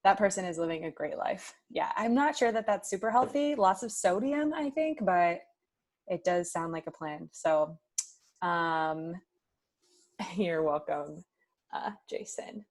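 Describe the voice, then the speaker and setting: Peppy lady teacher on a video call, reading the chat out loud, chatty. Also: fairly low pitch, expressive, measured pace. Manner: upbeat, chatty, reads chat aloud. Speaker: high school math teacher. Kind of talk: online class warm-up chat.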